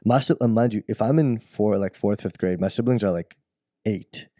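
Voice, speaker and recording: A podcast co-host recounts a meandering story from his childhood in casual conversation, his voice low and mellow at a moderate pace. He keeps restarting sentences and chuckles at his own tale, captured close and dry with no echo.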